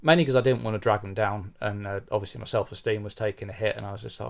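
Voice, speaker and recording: Frank, lowish-voiced man. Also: fairly even intonation, very fast, creaky, hardly any pauses. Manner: frank, self-deprecating, swears casually. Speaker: podcast host being interviewed, bass player. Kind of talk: candid conversational interview.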